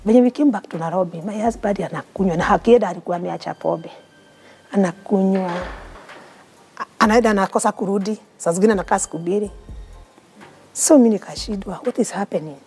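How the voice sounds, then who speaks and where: A Kenyan woman telling her own story in an interview, earnest and heartfelt. Her voice is gravelly and husky, with a mellow, dark tone. Soft music plays faintly behind her. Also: mid-range voice, fast talker, pauses often. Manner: mixes English and Swahili, earnest and heartfelt. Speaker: interview guest. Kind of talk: emotional personal storytelling.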